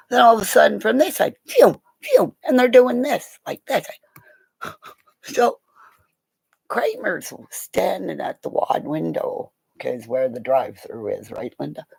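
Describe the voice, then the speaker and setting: Gravelly, excitable woman telling stories on a livestream. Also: medium pitch, unhurried, pauses often, rough recording. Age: middle-aged. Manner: excitable, laughing, swearing, jumping between stories. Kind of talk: casual storytelling on a livestream.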